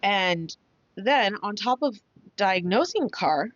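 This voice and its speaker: A woman's voice: medium pitch, lively intonation, slow pace, dry recording. A woman hosting a craft channel, chatting casually and rambling through a story with lots of fillers. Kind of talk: casual chat while crafting. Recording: dull, dry lo-fi sound.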